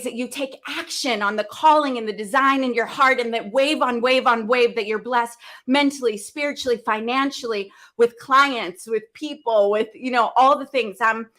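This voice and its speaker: A woman hosting a business event livestream, talking earnestly and with deep feeling, open about her faith, often starting sentences over. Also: fairly bright tone. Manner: earnest, heartfelt, faith-filled, rambling with restarts. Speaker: event host. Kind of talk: emotional livestream talk.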